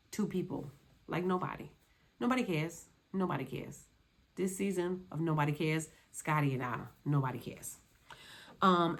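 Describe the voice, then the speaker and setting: A woman reviewing a reality show in a sassy, dismissive, repetitive way, speaking. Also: low-pitched. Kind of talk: casual commentary.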